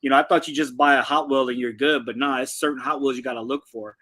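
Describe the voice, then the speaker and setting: A man's voice: mid-range voice, steady tone, fast, bright, forceful tone. A man talking as a guest on a livestream chat, laid-back and rambling, full of ums and giggles.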